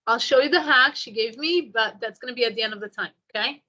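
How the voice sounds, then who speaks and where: A woman tutor on a video call, modelling words for her student and cheering him on. Her voice is bright and a little high, and the audio comes through dull and lo-fi. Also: quick pace. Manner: encouraging, corrects pronunciation by repeating words. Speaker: Spanish tutor. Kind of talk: online one-on-one lesson.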